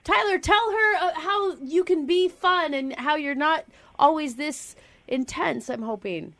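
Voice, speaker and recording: A woman's voice: high voice, measured pace, fairly bright tone. A woman co-hosting a radio call-in show who reacts with sympathy, laughter and frequent exclamations.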